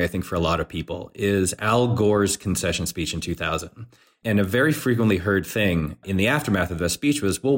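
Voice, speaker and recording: A man co-hosting a podcast, giving casual political commentary in an earnest, conversational way with playful quoted asides. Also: on the low side. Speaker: podcast co-host.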